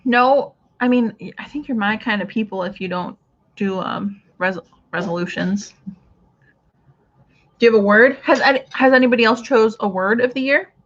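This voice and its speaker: A woman's voice: on the high side, normal speed, muffled recording. A woman hosting a casual craft livestream, chatting with viewers and reading out their comments as she goes. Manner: chatty, reads out viewer comments, trails off and restarts.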